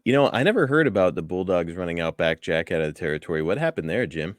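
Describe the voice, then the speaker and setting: Low-voiced easygoing male interviewer. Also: animated, quick pace, no echo, studio quality. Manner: easygoing, prompting questions. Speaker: interviewer and co-host. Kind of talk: casual podcast interview.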